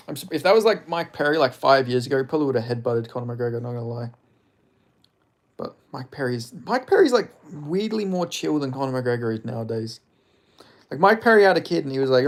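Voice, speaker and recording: A young man, chatting casually and crudely on a live stream, rambling with lots of fillers. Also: medium pitch.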